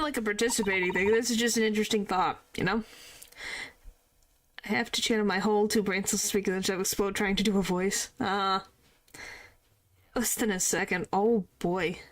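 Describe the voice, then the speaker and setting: A woman's voice: medium pitch, normal speed, long pauses, a little hiss or hum. A woman streaming a video game, chatting casually and playfully, trying out character voices. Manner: playful, tries out voices, mild exclamations.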